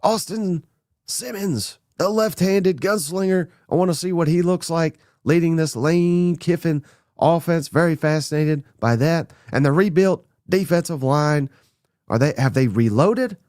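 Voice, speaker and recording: Man, podcast host, slightly high voice, blunt and excitable, close dry mic. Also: no room sound. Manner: blunt, excitable, runs through names rapid-fire. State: a little under the weather. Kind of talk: casual sports talk monologue.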